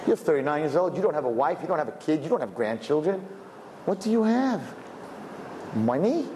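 A man in his fifties telling a story in a religious talk, swinging between quiet asides and loud emphatic bursts. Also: fairly high pitch, big pitch swings, brisk. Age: 50s. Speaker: religious teacher. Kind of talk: storytelling lecture. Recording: echoey hall with faint background noise.

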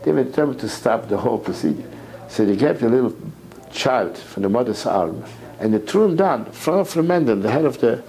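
Man preaching hard, mellow voice that swoops way up and down, keeps repeating himself. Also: medium pitch, lively intonation, brisk, rough recording. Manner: emotional, repeats words, voice climbs to near shouts. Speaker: rabbi lecturer. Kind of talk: impassioned sermon lecture.

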